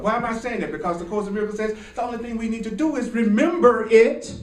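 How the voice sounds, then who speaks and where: A man teaching a live sermon to an audience, animated and repetitive, chuckling as he preaches. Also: high voice, quick pace, hardly any pauses, a little hiss or hum. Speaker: spiritual teacher. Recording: echoey hall from far off.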